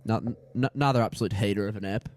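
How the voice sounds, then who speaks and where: A man's voice: lowish voice, very fast, a little mellow. A young man co-hosting a casual podcast, giving mock-motivational speeches and echoing his co-host. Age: young adult.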